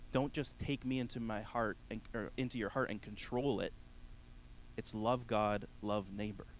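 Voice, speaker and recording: A man's voice: mid-range voice, low-quality recording. A male pastor delivers a sermon to his congregation in an earnest, conversational voice. He climbs to emphatic peaks, then drops almost to a murmur. A faint hum sits beneath the recording. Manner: addresses the congregation directly.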